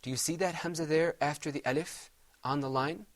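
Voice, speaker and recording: A man's voice: on the high side, fairly even intonation, brisk. A middle-aged man teaching Quran recitation in a televised lesson, patiently explaining step by step and chanting Arabic examples.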